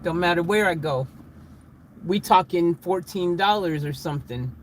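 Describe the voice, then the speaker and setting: A man chatting casually with viewers in a live vlog, laughing and getting excited, recorded in a van. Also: on the high side, normal speed, slight background noise. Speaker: vlogger.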